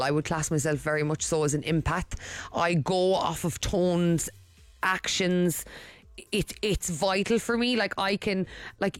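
A woman's voice: on the low side, no room sound. A woman co-hosting a radio show, chatting playfully and animatedly. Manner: animated, playful, self-described empath. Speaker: radio co-host. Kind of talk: casual chat.

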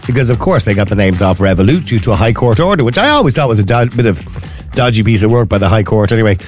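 A man with an Irish accent hosting a late-night radio talk show, chatting in a lively, rambling way with asides. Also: fairly low pitch, fast talker, faint music behind.

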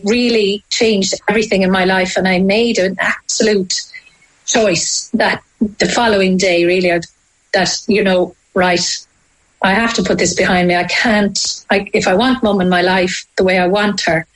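A woman with an Irish accent, telling a deeply personal story as an interview guest, halting and emotional with frequent restarts. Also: steady tone, rough recording. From Ireland.

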